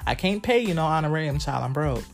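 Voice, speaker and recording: A woman's voice: low voice, lively intonation, fast. A woman in her twenties hosting a solo podcast, talking frankly and profanely to her listeners with frequent laughter. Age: 20s. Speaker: podcast host. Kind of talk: candid solo podcast chat.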